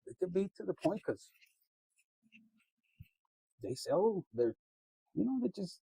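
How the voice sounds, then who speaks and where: A man with a high, gravelly, husky voice rambles through a casual tarot reading. He laughs often, swears freely and drops in Spanish phrases. The sound is close and dry. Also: big pitch swings, slow, warm tone, no echo, poor audio. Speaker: tarot reader.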